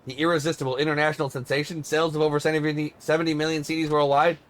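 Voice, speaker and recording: A man voicing a polite, formal male secretary and bodyguard, speaking in a measured, explanatory way. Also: on the high side, flat delivery, lightly acted.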